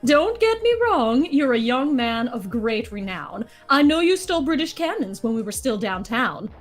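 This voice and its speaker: A woman voicing a weary general, high voice. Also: sing-song, moderate pace, faint music behind. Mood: earnest. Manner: rhythmic, rap-like delivery. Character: weary adult male army general leading outnumbered troops. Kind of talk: live dramatic read-through of a musical.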